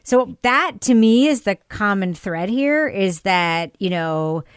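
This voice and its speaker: A woman's voice: mid-range voice, animated, slow, clean tone, no echo. Woman cohosting a podcast, chatty, lots of "like", asks her cohost questions, dead dry sound. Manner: thinks aloud, many "like" fillers, poses questions. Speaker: podcast co-host. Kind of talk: casual chat reviewing a TV series.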